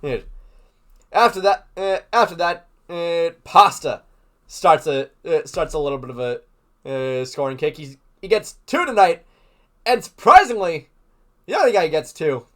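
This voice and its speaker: Higher-pitched guy rambling through a game recap, lots of uh's and restarts. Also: big pitch swings, measured pace. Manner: rambling, filler-heavy, frequent restarts. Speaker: podcast host.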